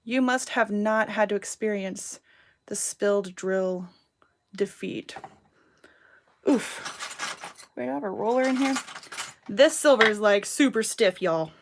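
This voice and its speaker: Speaking slowly with frequent pauses, a thirty-something woman at a medium pitch chats through her home crafting stream. She wanders cheerfully from topic to topic and reads out the names and comments of her viewers while she works.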